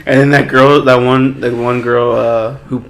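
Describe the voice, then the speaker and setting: A man's voice: medium pitch, flat delivery, unhurried, vocal fry, fairly bright tone, slight background noise. A man co-hosting a casual movie review chat, laid-back and laughing while retelling scenes. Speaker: podcast co-host.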